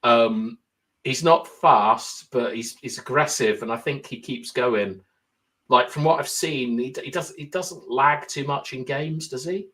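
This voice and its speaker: A man's voice: medium pitch, a little slow, a bit bright. A young man co-hosting a casual football podcast, explaining tactics at length and thinking aloud with lots of fillers. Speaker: podcast co-host.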